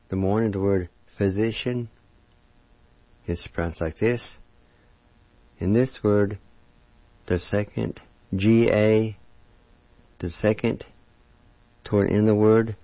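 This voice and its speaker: A man teaching vocabulary on a radio language lesson, sounding out each word syllable by syllable in slow drills. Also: lowish voice, warm tone, no echo, highs cut off.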